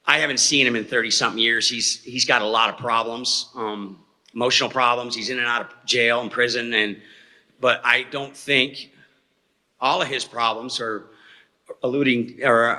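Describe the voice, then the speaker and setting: A man with a mid-range, sharp voice speaks as an eyewitness at a talk, telling a story to a live audience in a hall. His style is folksy and rambling, often checking in with "okay?", and the recording has reverberant hall sound.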